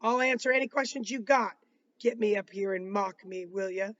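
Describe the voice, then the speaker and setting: A man's voice: sits high, moderate pace, a bit bright, far from the mic, highs cut off. A man reading aloud, voicing an angry, defensive young woman on the witness stand with a raised, drawling voice.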